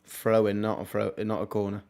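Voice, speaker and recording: A young man, casually commentating on a football match live for his stream, with wry asides and quick reactions. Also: on the low side, little pitch movement, gravelly, darkish tone. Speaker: watchalong streamer.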